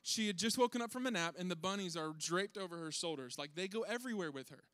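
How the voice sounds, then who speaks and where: A young man telling a funny family story to an audience, animated and self-deprecating, acting out his kids' voices. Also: sits high, fast talker, no echo.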